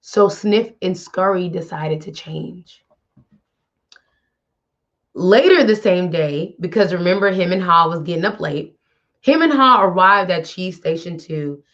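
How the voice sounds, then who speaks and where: Her lowish voice is animated and fairly bright, paced in a measured way, with lo-fi sound. As a wellness show host, she speaks bluntly and casually straight to the listener in a chatty motivational style.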